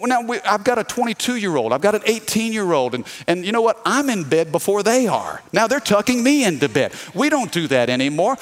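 Lively preacher man. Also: high-pitched. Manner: lively preaching with call-and-response. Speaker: pastor. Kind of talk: sermon.

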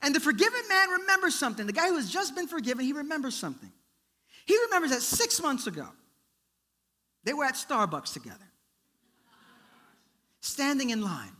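A man preaching a sermon, telling a story in a lively way and acting out its characters. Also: very high-pitched, fairly quick, pauses often. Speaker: pastor.

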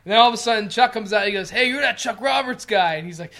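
A man's voice: high voice, fast talker, bright, forceful tone. A man in his thirties, co-hosting a podcast, tells rambling, profane stories and acts out the quotes. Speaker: podcast co-host. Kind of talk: casual podcast chat.

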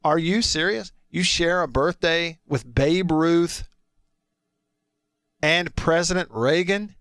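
A man's voice: on the high side, takes it slowly, fairly bright tone, clean tone, no room sound, clean studio sound. A man hosting sports talk radio, reading listener texts in a chatty, teasing way.

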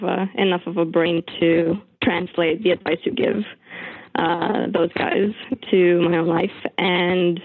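A woman's voice: on the low side, breathy edge, dry recording. A young woman with a Bulgarian accent, calling into a podcast and talking hesitantly with many ums. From Bulgaria and Russia. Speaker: caller. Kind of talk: phone call into a podcast. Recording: tinny phone line, dry.

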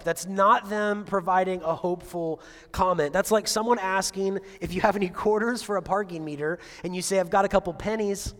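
A man's voice: high voice, fairly bright tone. A male pastor preaching a conversational sermon, full of asides and rhetorical questions. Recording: long reverb of a large hall.

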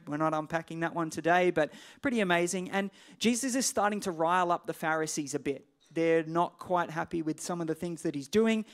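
Casual, conversational male preacher. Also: a little high. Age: adult parent. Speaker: pastor. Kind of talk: sermon.

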